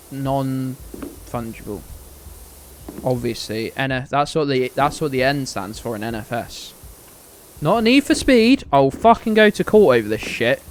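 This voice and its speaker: A man's voice: mid-range voice, a little hiss or hum, low-quality recording. A man streaming a game, chatting casually to his viewers in a rambling, sweary, joking way.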